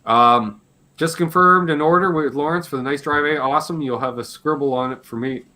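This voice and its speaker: A man with a slightly hoarse voice, hosting a casual live Q&A stream, rambling and joking and swearing offhand. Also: fairly high pitch, moderate pace, background noise. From Canada. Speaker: livestream host.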